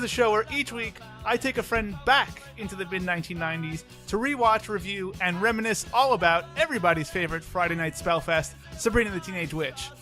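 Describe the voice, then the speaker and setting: Podcast host, man in his 20s: bright tone, playful self-mocking banter, faint music bed. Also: high-pitched, a little fast, hardly any pauses. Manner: joking and self-deprecating, animated. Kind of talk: casual podcast chat.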